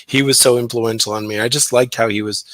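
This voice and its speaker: A man's voice: mid-range voice, fairly even intonation, quick pace, fairly bright tone, no echo. A man chatting casually on a podcast about comics he loved, enthusiastic and rambling with restarts. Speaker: guest comic artist.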